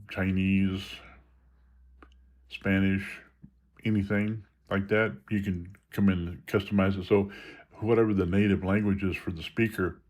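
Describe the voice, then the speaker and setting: A man's voice: sits low, a little mellow, lo-fi sound. A man giving a casual tutorial on phone settings, explaining each step in an easygoing way with small restarts. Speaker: video creator demonstrating phone settings. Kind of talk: casual screen-reader tutorial.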